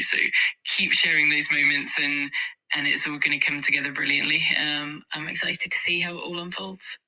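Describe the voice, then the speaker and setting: Bright flat-toned AI assistant man. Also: on the high side, low-quality recording. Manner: upbeat, steady, polished praise. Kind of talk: encouraging chatbot replies.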